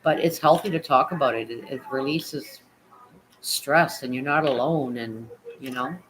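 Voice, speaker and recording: A woman's voice: a bass voice, moderate pace. Middle-aged lady on a livestream, chatty and reassuring, reads out chat, keeps saying right?, faint background hum. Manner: chatty, reassuring, repeats phrases and adds tag questions. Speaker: livestream host. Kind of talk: casual livestream chat, reading out viewers' comments.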